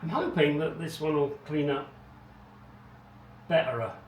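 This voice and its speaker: Working on a car restoration in his home garage, a middle-aged man with a fairly high voice narrates a little slowly in a casual, wry, rambling manner, muttering asides. Echo, a distant mic and background noise mark the recording.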